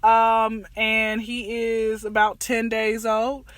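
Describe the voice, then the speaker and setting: A woman in her twenties hosting a casual chat show, telling animated stories and acting out family dialogue. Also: fairly high pitch, slow, dry recording. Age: 20s. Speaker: podcast host.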